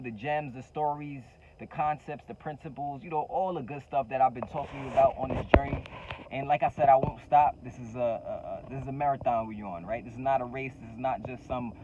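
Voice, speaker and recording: A man's voice: medium pitch, dull audio, background noise. A man hosting his own channel, giving a motivational talk to the camera with fervent repetition of key phrases and casual slang. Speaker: entrepreneur coach and channel host.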